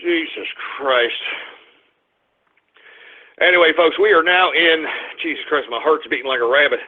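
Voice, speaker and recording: A man hosting an internet radio show, ranting and cursing angrily, dropping to grumbles and rising to shouts. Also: on the high side, moderate pace. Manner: angry, cursing, swings between grumbling and shouting. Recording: tinny phone-like radio stream.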